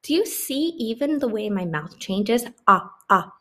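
A woman teaching young children their letters at an unhurried, patient pace. She stretches out each vowel and consonant, sounding words out slowly and clearly. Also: on the high side, animated, fairly bright tone. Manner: slow, exaggerated sounding-out of letters. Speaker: kindergarten teacher. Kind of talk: phonics lesson for young children.

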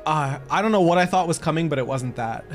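A man's voice: a little high, quick pace. Emotional man reacting to a game. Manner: emotional, expressive and joking. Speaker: streamer. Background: game music.

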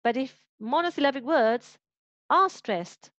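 Argentine-accented woman teacher, higher voice, patient explainer, dry dull video-call sound. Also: animated, measured pace, fairly bright tone, dry recording. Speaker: phonetics teacher. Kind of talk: online class explanation.

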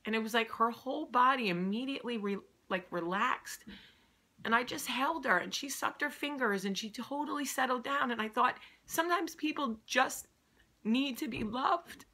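A woman speaks in a casual, heartfelt monologue to her viewers. Her voice is bright and pointed, and she sounds earnest and openly emotional as she presses her points home. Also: fairly high pitch, normal speed. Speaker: vlog host.

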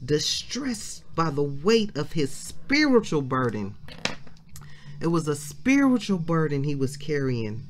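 A woman's voice: low voice, big pitch swings, slow, a little hiss or hum. A middle-aged woman preaching a devotional with fervor, repeating phrases and breaking in with praise, close to tears. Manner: fervent, repeats phrases, interjects praise and hallelujahs. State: near tears. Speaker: minister leading a devotional.

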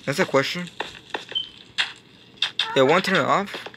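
A man giving Minecraft gameplay commentary, excitable and yelling in frustration. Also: on the high side, unhurried, background noise. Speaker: gaming YouTuber.

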